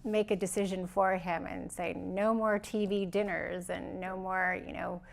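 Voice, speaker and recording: Female interviewer, curious and responsive, lots of vocal fry. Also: on the low side, flat delivery, measured pace. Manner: curious, responsive, asks follow-up questions. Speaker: interviewer host. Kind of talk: conversational interview.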